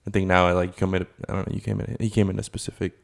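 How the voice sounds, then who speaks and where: A man's voice: low voice, level tone, rapid-fire, gravelly. A man co-hosting a casual podcast, telling loose, profane stories and slipping into mock voices. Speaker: podcast co-host. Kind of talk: casual chat.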